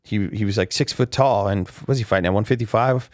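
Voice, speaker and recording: A man's voice: fairly low pitch, fast, no room sound, clean studio sound. A man hosting a casual fight recap podcast, telling rambling backstage stories with many restarts and fillers. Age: adult with a father. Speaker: podcast host. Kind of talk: casual chat.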